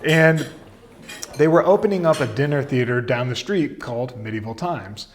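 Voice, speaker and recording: A man in his thirties telling his career story in a relaxed, chatty way, full of fillers and asides. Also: medium pitch, moderate pace, slight background noise. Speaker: content marketing coach. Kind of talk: casual storytelling to camera.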